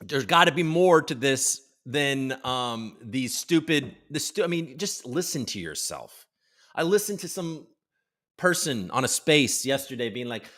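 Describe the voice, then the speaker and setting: A man's voice: mid-range voice, animated, moderate pace, bright, forceful tone. A man hosting a live crypto show, ranting in a profane, rambling way and mocking others in put-on voices. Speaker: livestream host.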